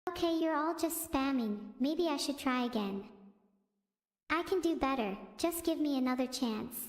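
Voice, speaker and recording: A woman's voice: high voice, lively intonation, normal speed. A woman's synthetic text-to-speech voice hosting a stream, chatting casually and rambling, easily sidetracked. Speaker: streamer host. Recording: echoey room with long reverb.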